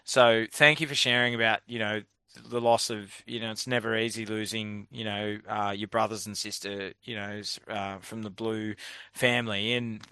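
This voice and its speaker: An Australian man hosting a podcast interview, laughing often and trailing off mid-sentence in relaxed chat. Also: fairly low pitch, normal speed, clear, resonant tone, no echo. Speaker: podcast host.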